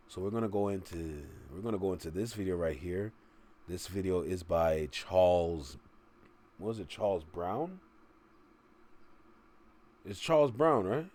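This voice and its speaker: Man, low voice, reaction stream host, motor mouth, joking banter. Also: a little mellow, slight background noise. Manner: fast-talking, joking, says he has a motor mouth. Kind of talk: casual livestream reaction.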